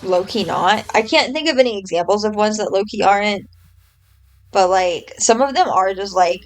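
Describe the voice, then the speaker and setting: Lively young woman streamer rambling. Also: mid-range voice, normal speed, a little hiss or hum, rough recording. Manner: rambling, swears freely, trails off with fillers. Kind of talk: casual game commentary.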